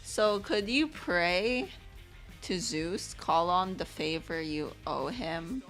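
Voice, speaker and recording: A woman's voice: lowish voice, lively intonation, a bit bright, soft background music. A woman voicing a whiny, crybaby young male warrior who drags out his words. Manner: drawn-out, hesitant whining.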